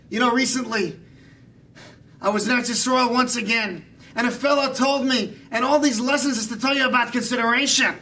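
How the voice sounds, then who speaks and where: A man putting on a comic impression of an earnest older rabbi storyteller, preaching in a drawn-out, emphatic way at a live event. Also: very high voice, pushed and bright, far from the mic, exaggerated voice. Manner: sermon-like, drawn-out emphatic delivery. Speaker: jester performing an impression.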